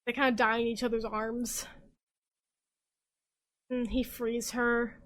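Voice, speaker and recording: Drunk young woman host, high voice, bright tone, excitable rambling, swearing. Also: takes it slowly. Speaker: podcast host. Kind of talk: casual recap chat.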